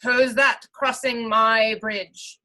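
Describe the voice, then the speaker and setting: A woman voicing a big ugly hungry troll in a storybook reading, bellowing slowly. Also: flat delivery, sharp tone. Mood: menacing. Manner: booming slow bellow.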